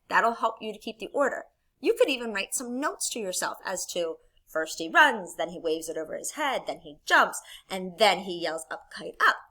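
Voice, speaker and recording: A woman's voice: mid-range voice, bright, forceful tone. A woman teacher giving a recorded classroom lesson, explaining patiently and encouraging students step by step.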